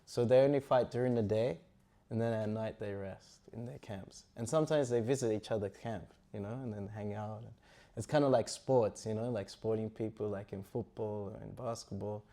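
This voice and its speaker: A man's voice: lowish voice, fairly even intonation, moderate pace, warm tone. A man teaching a scripture class, retelling an epic story in a casual, rambling way full of fillers. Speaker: spiritual teacher.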